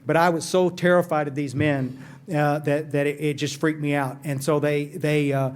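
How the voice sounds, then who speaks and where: A man telling his recovery story to a meeting, earnest and animated, often repeating words as he goes. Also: a little high, normal speed, smooth.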